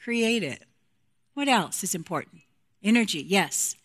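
A woman's voice: medium pitch, animated, measured pace. A woman speaking frankly to a women's group about marriage and intimacy, playful and direct, acting out quotes from couples.

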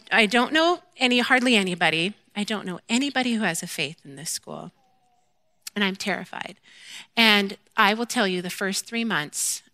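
A woman giving a candid, self-deprecating personal faith testimony, telling her story in an animated way and acting out her own quoted lines. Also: medium pitch, no room sound. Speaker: mother sharing a faith testimony.

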